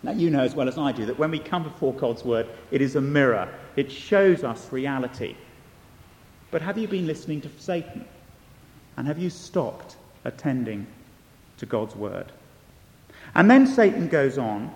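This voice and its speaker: A man's voice: medium pitch, animated, moderate pace. Brief: male preacher, earnest and emphatic, voice rising and falling widely, long church echo. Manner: earnest, emphatic, questioning the listener. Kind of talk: sermon.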